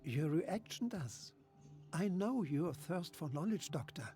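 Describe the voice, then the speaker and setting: A man's voice: fairly high pitch, lively intonation, a little slow, dark tone, soft background music. An actor playing a smug, scheming male doctor with a German accent, speaking in a patronizing, condescending way in video game dialogue.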